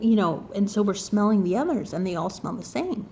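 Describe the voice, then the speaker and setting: A woman telling a story casually, acting out other people's lines in an animated and self-mocking way. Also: medium pitch, brisk, slight background noise.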